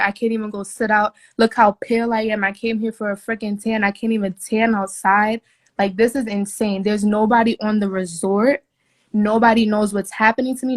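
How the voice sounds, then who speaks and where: A young woman, a flight attendant, venting her story in a casual video from a hotel room, indignant and emphatic, swearing often. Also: mid-range voice. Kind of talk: casual phone video rant.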